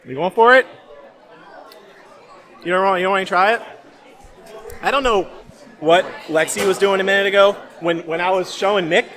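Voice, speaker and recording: A man's voice: high voice, moderate pace, pauses often, a bit bright, some chatter behind. A man hosting a casual theme park food vlog, chatty and laughing often as he talks. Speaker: vlog host. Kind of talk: casual food review chat.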